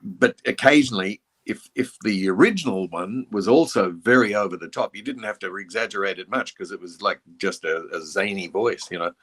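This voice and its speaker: An older Australian man, a voice actor, telling stories in a relaxed interview with reflective, restarting speech. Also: on the low side, fairly quick. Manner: reflective and anecdotal, with frequent restarts. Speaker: voice actor guest. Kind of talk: casual interview chat.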